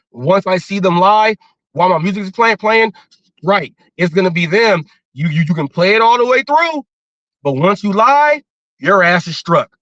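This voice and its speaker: A man's voice: sits high, fairly bright tone, no echo, muffled recording. A man hosting a livestream, ranting defensively and often repeating himself as he restarts his words. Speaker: livestream host.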